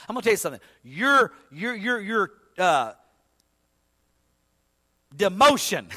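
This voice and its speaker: Dramatic preacher in a reverberant hall. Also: male voice, a little high, sing-song, unhurried, pauses often. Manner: dramatic, swings from shouting to hushed; repeats and restarts words. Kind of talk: sermon.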